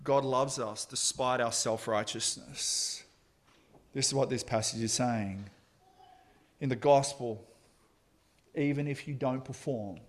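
A man delivers a sermon in an ordinary mid-range voice. He tells a story in earnest, often restarting his phrases and pressing hard on the key lines. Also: mid-range voice. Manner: storytelling, halting restarts, emphatic. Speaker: preacher.

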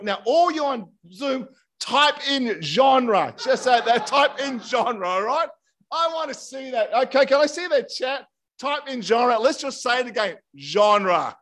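A middle-aged man preaching a sermon in a lively, chatty way, drawing his congregation in. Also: high voice. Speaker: pastor.

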